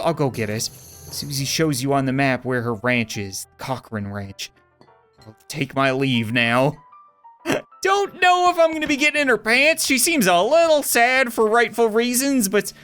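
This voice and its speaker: A man hosting a casual game playthrough, rambling and joking with quick asides. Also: fairly high pitch, very animated, fairly bright tone, soft background music. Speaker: gaming video host. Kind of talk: casual let's-play commentary.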